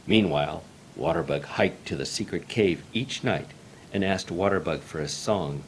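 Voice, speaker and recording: A man reading a traditional folk tale aloud in a measured, formal storytelling manner. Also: sits low, a little hiss or hum.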